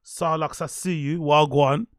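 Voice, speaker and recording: A man's voice: on the high side, fairly even intonation, a little slow, no echo, clean studio sound. A young man, hosting a casual livestream, reading chat aloud and swearing freely. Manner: laid-back, swearing, laughs often, reads chat aloud. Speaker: livestream host.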